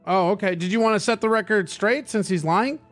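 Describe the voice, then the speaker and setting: A man's voice: sits high, a little fast, a bit bright, soft background music. A man hosting a live call-in show, laughing often and swearing in a loose, rambling way. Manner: giggly, profane, rambling.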